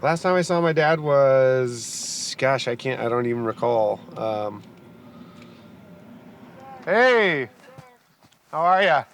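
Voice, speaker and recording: Slow-talking man greeting friends. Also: medium pitch, expressive, fairly bright tone, slight background noise. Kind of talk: casual greeting in documentary.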